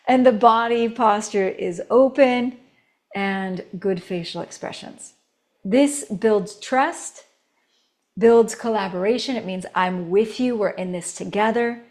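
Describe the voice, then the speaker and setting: A woman voice coach teaching a recorded course, animated, demonstrating tones and laughing between points. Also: a little slow. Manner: animated, demonstrating each tone with shifts in pitch and volume.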